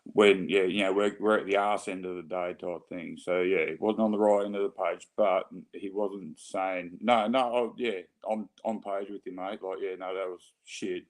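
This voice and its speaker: A laid-back Australian man chats as a livestream guest, rambling and loose with his phrasing. His voice sits somewhat low. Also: steady tone, moderate pace, hardly any pauses. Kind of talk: casual chat.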